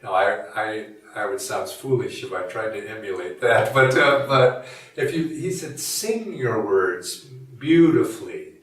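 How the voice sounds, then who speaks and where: A man giving a reflective spiritual talk in a measured, musing, conversational way. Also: lowish voice, fairly bright tone. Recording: echoey room from a distant mic.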